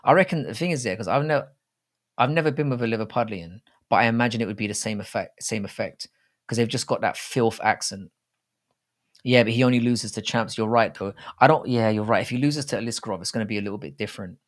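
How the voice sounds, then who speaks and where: Quick-paced and lowish in pitch, this young streamer reads out viewer comments on a casual live chat. He keeps things loose, swearing and addressing viewers as "mate" and "bro."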